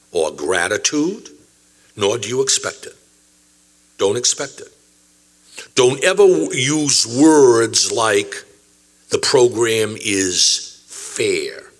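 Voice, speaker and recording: An older man who administers compensation funds, speaking to an audience with dramatic pauses and repeated emphasis. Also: medium pitch, a bit bright. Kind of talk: speech to an audience.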